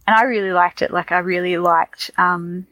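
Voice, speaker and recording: A woman's voice: lowish voice, fairly even intonation, normal speed, sharp tone, no room sound, rough recording. A woman from Tasmania with an Australian accent, chatting casually as a podcast co-host, rambling with fillers and restarts. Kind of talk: casual chat.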